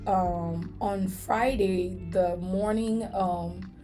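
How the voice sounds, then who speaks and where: A woman's voice: mid-range voice, steady tone, extremely slow, over music. A woman hosting a faith podcast, telling a story in an earnest, emotional way. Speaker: podcast host.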